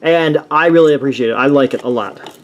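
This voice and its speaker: A man's voice: mid-range voice, fairly quick, highs cut off. A man chatting casually through a toy review, enthusiastic and rambling, with many restarts and fillers.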